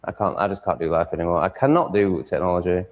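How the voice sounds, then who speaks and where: A man's voice: deep voice, quick pace. Sweary man ranting at home. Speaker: vlogger setting up a live stream. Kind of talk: casual monologue.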